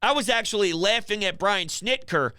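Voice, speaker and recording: A man hosting a call-in sports talk show from his home office, venting in a dejected, low-key way. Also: expressive, normal speed, sharp tone, no room sound, studio quality.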